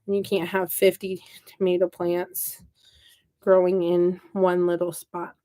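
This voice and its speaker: A woman's voice: on the low side, monotone, measured pace, mellow. A woman from the Midwest putting on a Southern accent, chatting and joking to her viewers and talking to her seedlings as she works. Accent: put-on Southern US. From American Midwest. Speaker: gardening channel host. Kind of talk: casual live-stream chat while working.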